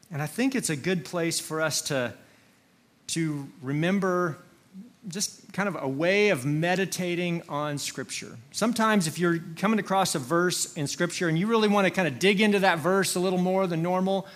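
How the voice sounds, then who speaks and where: A man preaching a sermon, slow and earnest, leaning on single words for emphasis. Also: a little high. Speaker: pastor.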